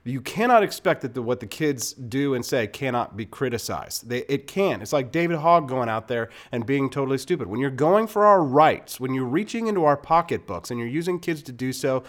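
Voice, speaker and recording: A male talk-show host delivering political commentary with sarcastic, combative energy. His pitch swings widely, jumping up for mockery. He sits at a middle pitch. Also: animated, fairly quick, hardly any pauses.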